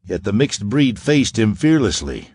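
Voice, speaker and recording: A man narrating an audiobook in an expressive, lively reading style. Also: lowish voice, unhurried, breathy edge, dry recording, clean studio sound.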